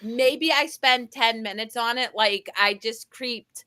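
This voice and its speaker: Bright, high-voiced animated woman. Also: slow, clean tone. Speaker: host. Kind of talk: casual chat.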